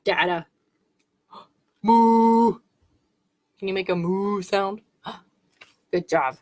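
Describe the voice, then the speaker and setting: A woman's voice: medium pitch, fairly even intonation, takes it slowly. A woman as a children's librarian, reading picture books aloud in a playful way, making animal sounds.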